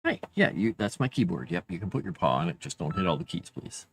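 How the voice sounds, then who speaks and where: Casting: middle-aged man, casual writer-vlogger, playful, lively pitch, cat-talk asides. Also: quick pace, gravelly, slight background noise. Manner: chatty, talks softly to his cats. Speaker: writer streaming his work. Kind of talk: casual talk while writing.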